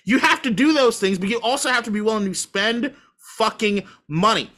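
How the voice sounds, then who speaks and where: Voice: medium pitch, fairly quick, pushed and bright. A sports podcast host in casual talk, ranting in a heated, profane way and hammering points home by repeating them. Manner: emphatic repetition.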